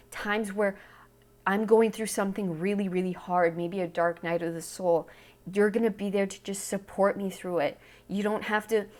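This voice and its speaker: This is a woman giving a pick-a-card tarot reading to her viewers. Her voice sits slightly low, and she speaks with earnest, emotional warmth. She repeats phrases for emphasis and often checks in with a soft "okay?". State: tearful. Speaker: tarot reader.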